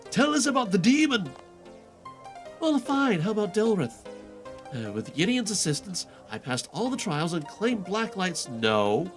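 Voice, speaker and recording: A man's voice: sits high, big pitch swings, a little slow, faint music behind. A man voicing a boastful male impostor who tells grand, made-up adventure stories in a game quest fan voice-over. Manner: grandiose, showy storytelling.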